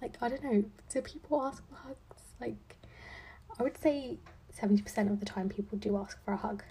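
Against slight background noise, a woman with a somewhat high, dark-toned voice talks at normal speed. She's a twenties-aged law student hosting a podcast, chatting casually through lots of "um" and "like," with dry sarcasm played for fun.

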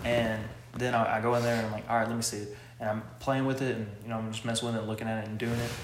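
A man of middle pitch who rattles off stories at a brisk clip. He swears casually as he talks. His voice rings in an echoey room. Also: background noise. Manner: quick, animated, profane anecdote telling. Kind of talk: casual chat.

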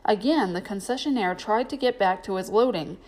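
A woman narrating a children's storybook aloud in a steady storytelling manner. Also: medium pitch, a little fast.

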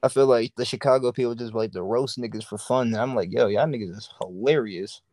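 A young man in casual podcast chat, animated and laughing, acting out the people in his stories, swearing freely. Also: mid-range voice, brisk. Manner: animated storyteller, acts out voices, laughs often, swears freely. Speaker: podcast guest. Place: in a car.

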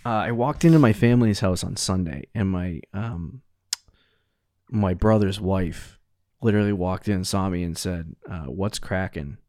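Low-voiced young man rambling through a podcast. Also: moderate pace, a little mellow, no echo, clean studio sound. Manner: rambling, self-correcting, laughs often. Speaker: podcast co-host. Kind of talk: casual podcast chat.

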